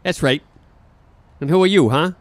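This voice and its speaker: An actor playing a brash, foul-mouthed man who boasts loudly and shouts curses. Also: a little high, moderate pace, no room sound, natural voice. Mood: belligerent. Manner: loud, profane, escalating shouts.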